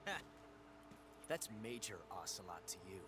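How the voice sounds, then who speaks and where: An actor playing a cocky young soldier commander in a video game, smug and taunting. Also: male voice, sits low, very animated, normal speed, background noise.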